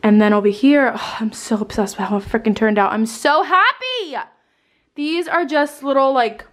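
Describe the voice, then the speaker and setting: Young woman, vlogger, slightly high voice, breathless, gushing, casual swearing, home tour. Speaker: lifestyle vlogger. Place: her decorated home, indoors.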